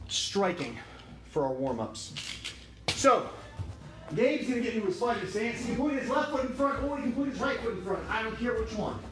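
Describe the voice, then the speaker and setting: High-voiced man coaching a workout class. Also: expressive, normal speed. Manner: upbeat, counting reps, joking with students. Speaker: kickboxing instructor. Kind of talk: livestreamed workout class instruction. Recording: echoey room with music behind.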